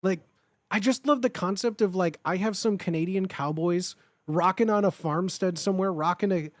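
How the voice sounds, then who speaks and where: A young man from the Chicago area, livestreaming and chatting casually with viewers, rambling excitedly with lots of filler words and swearing. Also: sits high, normal speed, no room sound, studio quality. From Chicago area, United States.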